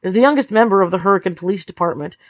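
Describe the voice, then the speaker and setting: A tired woman reads a novel aloud in a steady, low-key storytelling voice, with a middling pitch. The sound is dry and close, with no room around it. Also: racing, dry recording. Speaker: audiobook reader. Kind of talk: read-along narration of a novel.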